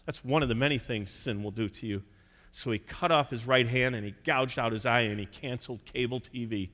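Bright-voiced preacher in a reverberant church. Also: male voice, medium pitch, fairly quick. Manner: storytelling preacher acting out quoted voices. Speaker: pastor. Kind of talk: sermon.

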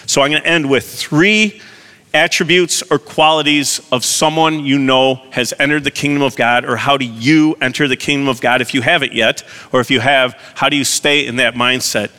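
An earnest male pastor preaches with a bright, forceful voice. His words ring out into a long, reverberant church hall. He keeps turning to his listeners with direct questions. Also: medium pitch, steady tone, moderate pace. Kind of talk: sermon.

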